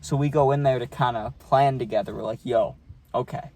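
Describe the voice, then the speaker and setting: A man's voice: medium pitch, a little fast, darkish tone. A young man vlogging a casual storytime, rambling and swearing, with many fillers.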